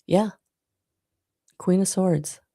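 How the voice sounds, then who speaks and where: A woman reads tarot cards live for her viewers in a low voice with a gravelly edge. She talks slowly and softly, with a spiritual tone, and often pauses on ums. She gets emotional at times. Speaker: tarot reader.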